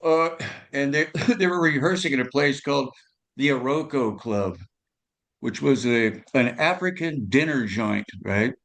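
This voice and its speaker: Gravelly older man telling stories. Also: mid-range voice, unhurried, fairly bright tone. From California, USA. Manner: rambling, tag questions, many fillers. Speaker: guest musician. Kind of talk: storytelling interview.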